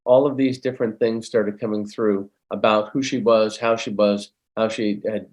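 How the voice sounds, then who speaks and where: A middle-aged man, a guest medium, telling a story in an animated, conversational way. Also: fairly low pitch, normal speed.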